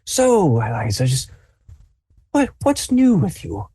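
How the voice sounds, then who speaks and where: A man voicing a polite, hard-of-hearing old grandfather who talks in a halting, wistful way. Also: on the high side, wildly swooping pitch, mellow, slightly rough, dry recording, clean studio sound, pitched above the performer's own voice, heavily acted. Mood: fond. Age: older. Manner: halting, wistful, mildly fussy.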